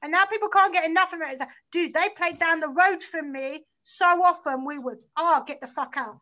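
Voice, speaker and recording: A woman's voice: very high voice, a little fast, bright, forceful tone. A woman in her forties with a London accent, a guest chatting in a rambling, sweary, enthusiastic way. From South London, England. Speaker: guest musician. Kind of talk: casual chat. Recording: slightly muffled lo-fi sound.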